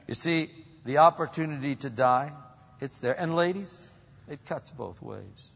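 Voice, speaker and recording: A man pastor preaching a sermon, acting out quoted voices with sudden pitch jumps. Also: expressive, unhurried, vocal fry, in a large hall, dull audio, slight background noise.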